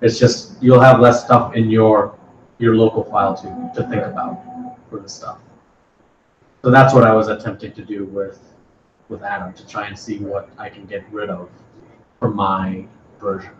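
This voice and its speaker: A man's voice: lowish voice, level tone, moderate pace, long pauses. Hesitant man presenting in an echoey room. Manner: hesitant, repeats words, unprepared. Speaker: meetup presenter. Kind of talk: casual technical talk. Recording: echoey room, distant dull mic, faint noise.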